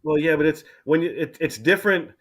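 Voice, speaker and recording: A middle-aged man hosting a casual chat, relaxed and chatty, often repeating words as he starts a thought. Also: fairly high pitch, fairly quick. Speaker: channel host.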